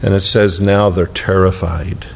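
A man's voice: low-pitched, little pitch movement, unhurried, gravelly, slight background noise. A man preaching a sermon as pastor, telling the story with humor and acting out the voices of the people in it.

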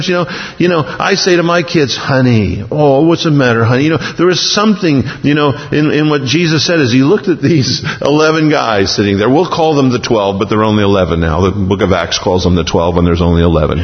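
A man preaching an expository sermon, telling the story vividly, his voice swinging up in excitement and dropping low and soft. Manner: animated storytelling, often rises then drops low and soft. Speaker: pastor. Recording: reverberant hall, dull lo-fi sound.

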